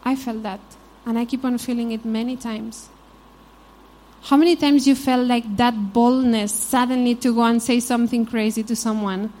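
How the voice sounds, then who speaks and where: Spanish-accented woman preacher, warm and fairly high, casual storytelling sermon. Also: steady tone, moderate pace. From Spain. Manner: informal, frequent "you know", storytelling asides. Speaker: Bible teacher. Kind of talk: conversational sermon.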